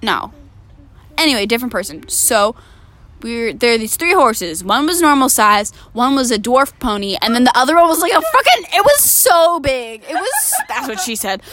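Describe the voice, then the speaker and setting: A teenage girl telling stories in casual chat, animated and swearing freely. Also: on the high side, moderate pace.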